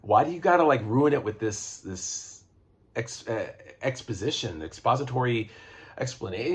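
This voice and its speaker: A man casually reviewing comic books, rambling and excitable, swearing freely and restarting his sentences. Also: medium pitch, moderate pace. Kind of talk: casual chat.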